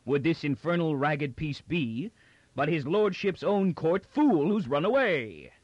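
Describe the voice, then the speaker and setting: A man voicing a blustering, sarcastic brawny city guard who talks loud and heavy, in a dull, dry recording. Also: on the high side, very animated, a little slow, no echo, voice pushed up.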